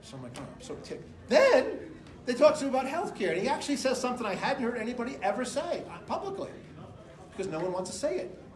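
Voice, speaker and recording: A middle-aged man from the United States delivers an off-the-cuff campaign speech, his voice pitched notably high. He talks in a rambling, emphatic way, hopping from stories to statistics. The sound bounces around an echoey room. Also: big pitch swings, very fast. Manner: rambling, emphatic, jumps between anecdotes and numbers. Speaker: political candidate. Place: indoor room with an audience.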